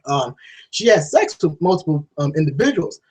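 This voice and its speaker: A man giving a casual, rambling spoken film review, swearing freely and restarting sentences, often jumping into a high, excited voice to act out scenes. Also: moderate pace, breathy edge, rough recording. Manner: jumps to high excited voice when acting out scenes.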